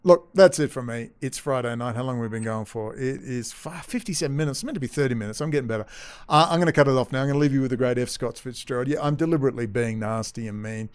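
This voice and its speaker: A man's voice: mid-range voice, fast talker, clear, resonant tone, no echo. A man hosting a profane, heated commentary show, sarcastic and openly frustrated as he rants. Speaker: host.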